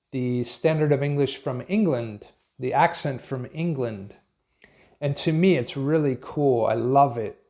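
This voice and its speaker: A man with an American accent, talking like a teacher who speaks his mind. His voice sits at an ordinary middle pitch. He rambles in a loose, unscripted way and laughs at his own remarks. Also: dark tone. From Pennsylvania, USA. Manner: rambling, frank, chuckles at his own points. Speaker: English teacher. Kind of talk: casual unscripted talk to camera.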